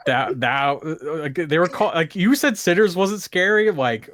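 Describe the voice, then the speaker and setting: A man's voice: a little high, expressive, unhurried, a bit bright, no echo, clean studio sound. A man co-hosting a podcast in casual chat, laid-back and a little hesitant. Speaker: podcast co-host.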